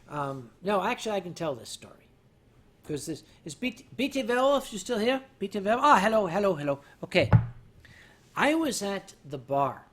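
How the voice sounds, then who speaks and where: An older man hosting a livestream, rambling through stories to his chat while drinking, mocking himself and turning loud on the punchlines. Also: sits high, a little hiss or hum. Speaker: livestream host. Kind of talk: casual storytelling to a chat.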